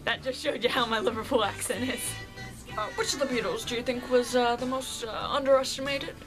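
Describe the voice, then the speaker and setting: Chatty young woman vlogger, higher voice. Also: fairly even intonation, a little fast, music in the background, poor audio. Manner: chatty, shy, rambling answers. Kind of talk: casual fan Q&A.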